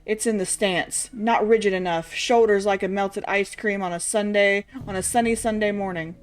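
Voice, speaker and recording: A woman's voice: medium pitch, steady tone, moderate pace, faint music behind, natural voice. A woman voicing a blustering, eccentric old army brigadier with a shaky put-on posh British accent while reading game dialogue on stream.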